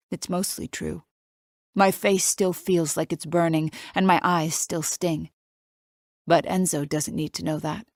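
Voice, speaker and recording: A woman narrating a suspense audiobook in the first person, her low voice tense and confiding. The recording is dry and close, with no room around it. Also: steady tone, a little slow, no echo. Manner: tense, confiding inner monologue.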